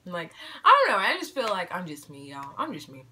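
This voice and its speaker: Her pitch is fairly low but swoops wildly, and she speaks briskly with a bright, forceful tone. The eighteen-year-old woman is chatting to viewers at home in a Q&A vlog, bubbly and talkative, ribbing herself playfully and calling them "y'all."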